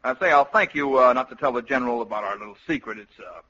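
An actor voicing a scheming army colonel in an old cartoon, sly and smooth with little hesitations. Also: male voice, mid-range voice, lively intonation, sharp tone. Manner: sly and smooth, hemming with small pauses. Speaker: cavalry colonel. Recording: dull hissy old cartoon soundtrack.

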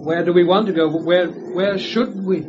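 A man's voice: high voice, steady tone, normal speed, noisy background, natural voice. A man playing a nervous, curious visitor in a radio drama who stammers and keeps asking questions. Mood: questioning. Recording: muffled lo-fi recording.

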